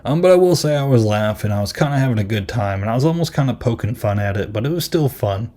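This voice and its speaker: A man's voice: medium pitch, expressive, fast talker, mellow. A man hosting a podcast and reviewing a film in casual chat, rambling and amused, with lots of ums and likes.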